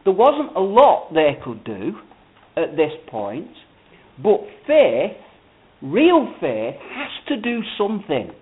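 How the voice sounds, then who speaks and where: Male preacher, high animated voice, emphatic sermon delivery, tinny phone-line sound. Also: slow pace. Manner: emphatic, rising and falling preaching cadence. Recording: phone-like narrow band.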